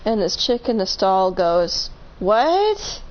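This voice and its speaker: Woman, mid-pitched, rambling storyteller, self-correcting, slightly dull audio. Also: a little slow. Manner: rambling, self-correcting, laughs between points. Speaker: streamer telling a story. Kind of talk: casual storytelling on a live stream.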